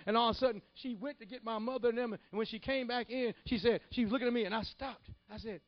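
A man from the Detroit area preaching, telling his testimony in an animated, folksy way. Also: high voice, fairly quick. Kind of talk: sermon testimony storytelling. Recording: dull lo-fi, dry sound.

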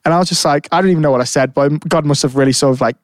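Man, rambling chatty storyteller, fast talker, dry close sound. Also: a little high, no room sound. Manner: rambling, many fillers and restarts. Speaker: podcast co-host. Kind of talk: casual storytelling chat.

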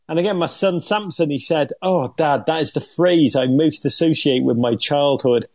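A man's voice: fairly high pitch, normal speed, few pauses, darkish tone, no echo. A middle-aged man co-hosting a football podcast, telling stories in an exuberant, comic way with the odd swear. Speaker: podcast co-host. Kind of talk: animated football chat.

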